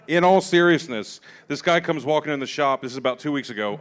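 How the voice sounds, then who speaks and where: A man's voice: on the high side, lively intonation, fast talker, fairly bright tone. A man hosting a comedy show, telling profane stand-up stories and acting out the dialogue on a club stage. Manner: profane storytelling, acts out dialogue. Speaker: comedy show host and comic.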